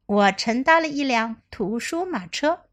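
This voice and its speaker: Woman english teacher reading a kids story, gentle, encouraging, lively high voice. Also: measured pace. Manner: gentle and encouraging, speaking to children. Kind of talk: bilingual children's story reading and lesson.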